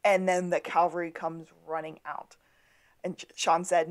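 A woman's voice: fairly low pitch, little pitch movement, moderate pace. A woman co-hosting a podcast, retelling an episode in casual chat and acting out the characters' lines. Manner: storytelling, acts out quotes. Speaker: podcast co-host.

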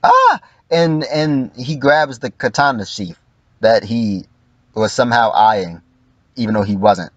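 A man's voice: medium pitch, measured pace, no room sound, dull audio. A man giving casual, profane livestream commentary, acting out quoted lines in mock voices.

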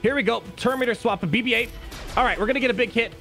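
A young man giving live gameplay commentary as a streamer, talking to his chat and shifting quickly between calm and excited. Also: very high voice, faint music behind. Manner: excitable, talks to chat, quick mood swings.

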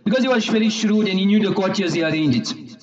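A man retelling a moral folk tale, unhurried, often pausing on "uh" and acting out the characters' lines. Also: sits high. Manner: unhurried retelling with frequent "uh" pauses and acted quotes. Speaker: storyteller. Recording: roomy, distant, dull sound.

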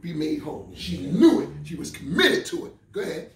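High-voiced preacher man, roomy and distant. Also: big pitch swings, brisk, crowd noise. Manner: call-and-response preaching, repeats phrases, bursts into shouts. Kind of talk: sermon. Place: church sanctuary. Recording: echoey room, mic far off.

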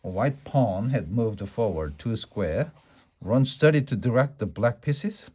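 A man reading a fantasy novel aloud, unhurried, now and then tripping over a word and restarting. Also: medium pitch, lively intonation, mellow, slightly rough. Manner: unhurried, with small slips and restarts. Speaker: storyteller.

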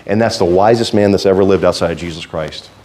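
A male pastor preaching a sermon in a fervent, folksy way, swinging between quiet asides and loud exhortation. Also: low-pitched, quick pace, a little hiss or hum.

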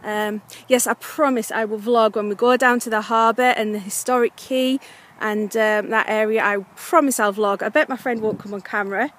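A woman's voice: fairly high pitch, fairly even intonation, normal speed, hardly any pauses, fairly bright tone. Chatty young woman vlogging on a clifftop walk. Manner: chatty, frustrated, many fillers. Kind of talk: casual vlog narration. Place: outdoors on a coastal clifftop walking a dog.

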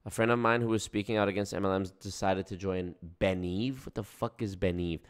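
A young man hosting a casual livestream, reacting to chat in a profane, animated way. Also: low-pitched, brisk, clear, resonant tone. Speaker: livestream host.

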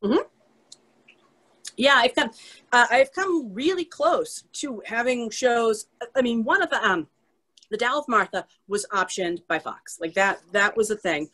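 A woman author chatting casually on a video call, full of quick tangents and self-deprecating asides. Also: on the high side, expressive, a bit bright. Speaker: author guest. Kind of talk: casual chat on a virtual author event.

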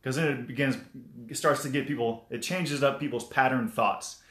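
A man's voice: medium pitch, moderate pace, a bit bright. A man hosts a casual live stream full of friendly tips. He talks in a mid-range voice, greets viewers by name and loops back over his points. The room gives his voice a noticeable echo. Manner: chatty, repeats himself, greets viewers. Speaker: motivational livestream host. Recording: roomy echo.

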